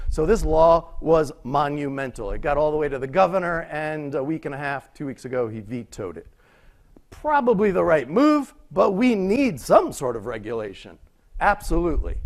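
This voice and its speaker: Male conference speaker, slightly high voice, casual, rhetorical questions. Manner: conversational, rhetorical questions, frequent "right?". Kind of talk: conference talk. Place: lecture room.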